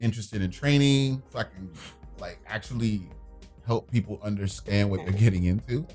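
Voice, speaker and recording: A man's voice: lowish voice, normal speed, soft background music. A man hosting a casual chat, telling stories about his phone customer service job and slipping into mock voices. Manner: animated storyteller, slips into mock voices of callers. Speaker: podcast host.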